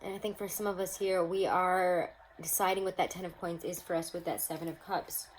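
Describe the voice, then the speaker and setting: A woman's voice: on the low side, slight background noise, poor audio. A young woman giving a casual, upbeat tarot reading to camera at home, speaking straight to her viewers. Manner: chatty, upbeat, addresses viewers as guys. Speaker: tarot reader. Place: home room.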